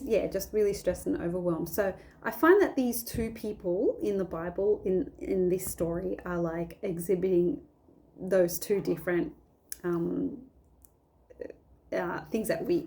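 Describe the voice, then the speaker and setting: A woman's voice: fairly low pitch, fairly even intonation, a little slow, gravelly, mellow. A woman chatting casually at home about a Bible story, rambling and restarting her sentences often. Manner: rambling, self-interrupting, many restarts. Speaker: faith vlogger.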